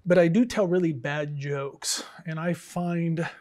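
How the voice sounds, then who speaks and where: A man, an English professor and department chair, telling bad jokes to students in a dry, deadpan way with lots of fillers. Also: a little high, measured pace. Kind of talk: casual joke-telling address to students.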